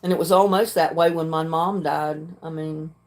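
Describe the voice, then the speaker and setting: Older woman, livestream host, plain frank talk, frequent throat-clearing. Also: low voice, steady tone, normal speed. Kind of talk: casual chat reading viewer comments.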